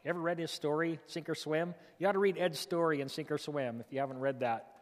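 A man's voice: a little high, fast, long reverb tail. A male pastor, preaching a folksy, emphatic sermon with lots of repetition.

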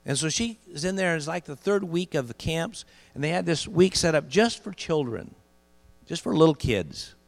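A middle-aged man preaching a sermon, telling a story and building to loud emphatic peaks, slowing down on key phrases. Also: fairly high pitch, animated, creaky. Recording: long hall reverb with mains hum.

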